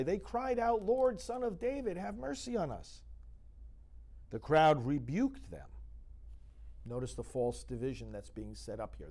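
A man's voice: fairly high pitch, a little mellow. A male priest giving a scripture reflection, reading Bible passages aloud and building to emphatic, urgent preaching. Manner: reads scripture aloud, then grows fervent and emphatic.

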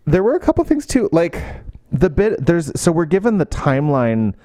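A man's voice: fairly high pitch, moderate pace, no room sound, clean studio sound. A man co-hosting a casual book chat, recapping scenes and acting out character quotes. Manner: animated, acts out character quotes in lifted voices. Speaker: book podcast co-host.

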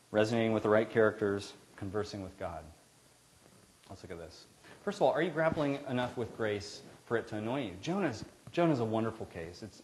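A pastor preaches a sermon in a church sanctuary, earnest and conversational, frequently restarting his sentences. His voice is on the low side, and the recording quality is poor.

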